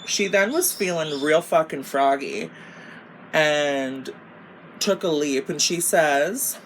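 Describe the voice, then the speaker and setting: This young woman's voice sits low and moves at a slow pace, with slight background noise in the clip. A beauty vlogger, she rambles through a storytime while doing her makeup, sounding casual and exasperated, swearing all the time and leaning heavily on "like."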